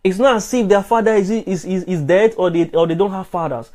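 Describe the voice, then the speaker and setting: Male preacher, earnest and repetitive, slightly raised pitch, streamed sermon. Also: brisk, darkish tone. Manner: earnest, repetitive, stammering restarts.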